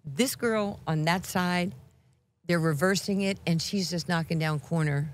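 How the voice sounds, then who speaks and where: A woman in her sixties with a New York accent, a podcast guest who tells animated stories, acts out voices and laughs often. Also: fairly low pitch, measured pace. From Brooklyn, New York. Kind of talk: animated storytelling.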